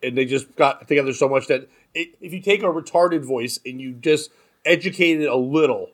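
A man's voice: a little high, fairly quick. A man hosting a casual comedy podcast, telling crude jokes and stories. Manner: crude joking storyteller. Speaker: podcast host.

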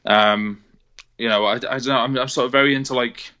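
A man's voice: medium pitch, fairly even intonation, fairly quick, sharp tone, highs cut off. A man from Wales, chatting casually about music, rambling with lots of fillers and restarts. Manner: rambling, many fillers and restarts, laughs easily. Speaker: guest on a music podcast. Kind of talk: casual chat. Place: on a phone call.

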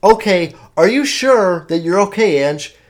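A young man putting on a fussy, worried middle-aged mother with a voice pitched well above his own. She frets and keeps repeating the same anxious questions. The voice is loud and pushed forward. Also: expressive, a little slow. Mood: fretful.

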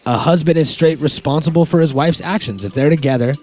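A man's voice: a little high, fairly quick, darkish tone, faint music behind. A man co-hosting a casual podcast chat, joking and swearing, acting out little made-up quotes. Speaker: podcast co-host.

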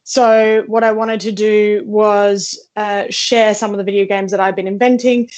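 A woman's voice: mid-range voice, little pitch movement, unhurried, darkish tone. A young woman comedian doing a comic show-and-tell over a video call from her front room, chatty and self-mocking, with lots of fillers and restarts. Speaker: comedian guest. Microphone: video call from home.

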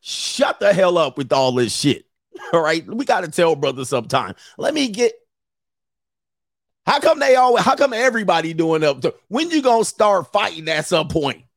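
A man's voice: sits high, sing-song, normal speed, no room sound, studio quality. A man, scolding and mocking in a ranting commentary monologue, laughing often. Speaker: commentary host.

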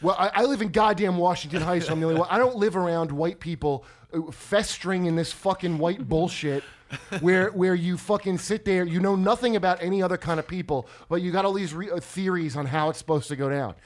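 A man's voice: sits high, brisk. Ranting man with a Jersey accent. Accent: New Jersey. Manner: profane, ranting, emphatic. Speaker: comedian, podcast host. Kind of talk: casual chat.

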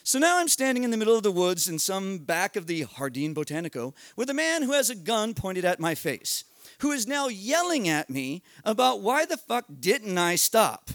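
A middle-aged American man tells a comic story live, rushing through run-on sentences with profanity and self-mockery. His voice sits high, and the sound is close and dry with no room echo. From United States. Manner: animated, profane, self-mocking, builds tension with quick run-on narration. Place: live storytelling event at a bar.

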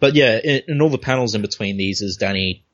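A man's voice: on the low side, fast, fairly bright tone. Easygoing man on a dull recording. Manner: easygoing, narrates panels step by step. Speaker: podcast host. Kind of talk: casual comic book discussion.

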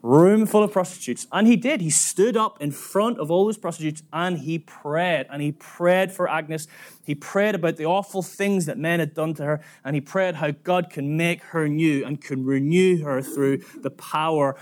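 Man, preacher, sermon story, dramatic delivery, slightly high voice, church. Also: moderate pace. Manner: lively, dramatic retelling with quoted voices.

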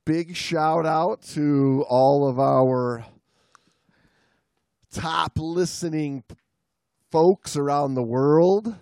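A man's voice: a little high, extremely slow, pauses often, darkish tone, dry recording, studio quality. A man co-hosting a casual podcast, rambling with many fillers and restarts. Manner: rambling, lots of you-knows, mock accents for laughs. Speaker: podcast co-host. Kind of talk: casual chat.

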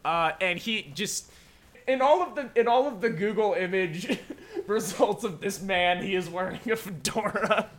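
A man's voice: high voice, unhurried, a bit bright. A young man co-hosting a casual podcast chat in an easygoing way, laughing now and then. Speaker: podcast co-host.

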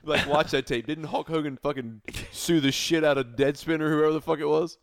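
A man's voice: fairly high pitch, steady tone, fairly quick. A man co-hosting a podcast, chatting casually with a teasing, profane sense of humor. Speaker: podcast co-host. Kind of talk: casual banter.

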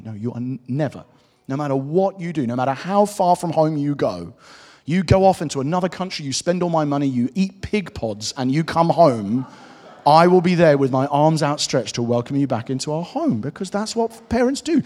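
Husky, lively male preacher. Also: on the high side, a little fast. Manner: warm, conversational and joking preaching. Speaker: pastor. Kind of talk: sermon. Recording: echoey hall.

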